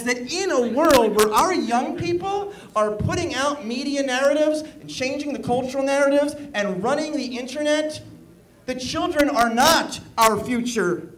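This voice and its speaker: A man working as an event emcee, energetically leading a live audience in call-and-response chants and shouting to pump them up. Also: extremely high pitch, moderate pace, poor audio. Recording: live event with loud crowd and background noise. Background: crowd noise.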